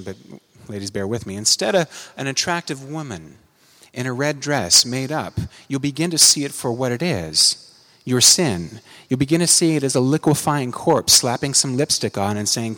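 A man preaching a sermon, earnest, climbing to emphatic peaks and dropping low for quiet asides. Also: big-room sound. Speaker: pastor.

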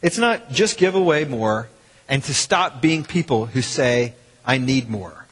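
A man, a pastor preaching a sermon in a church in a lively, conversational way with quoted asides. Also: mid-range voice, a little slow, husky. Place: church sanctuary. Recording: long hall reverb.

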